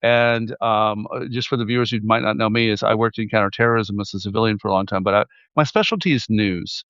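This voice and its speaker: Low-voiced man host from Texas. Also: steady tone, fast talker, a bit bright, clear, resonant tone, dry recording, lo-fi sound. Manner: easygoing, frequent affirming interjections. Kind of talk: casual interview chat. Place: high-rise apartment in Kyiv.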